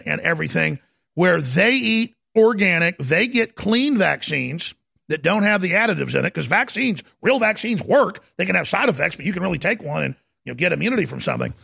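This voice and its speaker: Gravelly high-voiced man ranting. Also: a bit bright. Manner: ranting, urgent, repetitive and dramatic. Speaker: commentator. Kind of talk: impassioned monologue.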